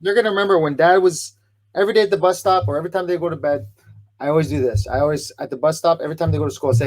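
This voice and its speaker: A man's voice: on the high side, racing. A man hosting a podcast, speaking in an earnest, reflective, heartfelt way in casual conversation. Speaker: podcast host.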